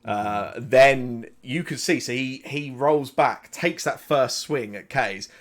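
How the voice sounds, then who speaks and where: A man narrating as game master of a tabletop game, relaxed and halting, with many fillers as he describes the fight. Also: mid-range voice.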